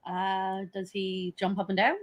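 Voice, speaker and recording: A woman's voice: mid-range voice, monotone, unhurried. A woman in a casual chat who keeps asking short, curious questions.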